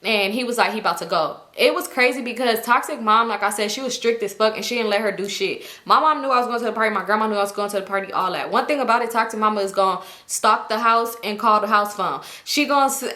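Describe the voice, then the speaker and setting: A young woman telling a casual storytime, animated and profane. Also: mid-range voice, fast talker, few pauses. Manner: animated, profane, acts out quotes in raised voices. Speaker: storytime host. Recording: echoey room.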